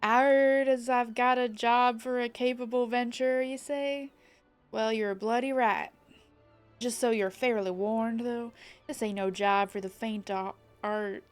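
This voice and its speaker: A woman voicing a gruff male tavern keeper in a put-on southern pirate accent, drawling and rolling her R's as she reads. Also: fairly high pitch, steady tone, measured pace, faint music behind, close to an everyday voice. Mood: gruff welcoming. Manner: drawling, rolled R's, reading aloud.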